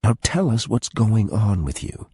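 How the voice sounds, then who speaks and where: A blunt, fiercely protective young woman, put on by a male narrator, with a raised, husky voice and a firm, forceful delivery. Her pitch swings widely. The sound is close and dry. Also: very animated, unhurried, no room sound, exaggerated voice. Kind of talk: audiobook character voice.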